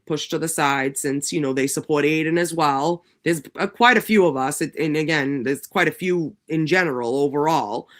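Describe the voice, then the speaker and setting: A man's voice: a little high, fairly bright tone, clear, resonant tone. A man hosting a casual livestream, talking in a rambling, heavily profane way with lots of fillers. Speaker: livestream host.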